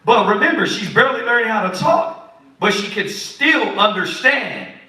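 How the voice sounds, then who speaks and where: A man teaching the Bible in a lively, preachy way, acting out what kids and parents say. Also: high voice, normal speed. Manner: animated, preachy, acts out quotes of kids and parents. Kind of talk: sermon-style teaching. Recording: echoey room, far from the mic.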